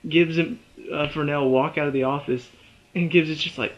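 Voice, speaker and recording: A man giving a casual, animated spoken review of a TV episode, chatty and full of "you know" and "uh". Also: a little high, moderate pace, muffled recording.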